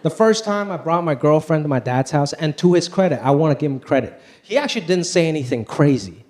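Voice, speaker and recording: A young man from Los Angeles doing an animated stand-up set on a comedy club stage into a handheld mic, rising to near-shouts on punchlines. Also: a little high, brisk. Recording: live club, audience noise.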